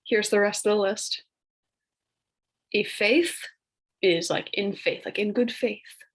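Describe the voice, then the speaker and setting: In this low-quality recording of a classroom lecture, a young woman teacher walks through her lesson casually and chattily, with plenty of filler words and playful put-on voices for old phrases. Her voice sits mid-range with a breathy edge, and she takes her time.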